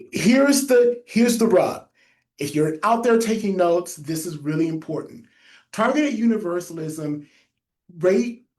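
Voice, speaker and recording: Male webinar trainer, slight lisp, mellow tone, emphatic and repetitive teaching delivery. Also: high-pitched. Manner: emphatic, repeats key phrases for note-takers. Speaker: public health trainer. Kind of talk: webinar presentation.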